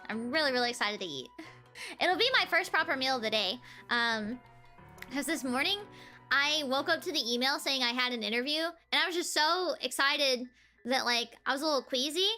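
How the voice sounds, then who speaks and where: A woman's voice: high voice, expressive, normal speed, bright, forceful tone, faint music behind. A young woman from the southern United States streaming, chatting casually with giggles. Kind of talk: casual chat.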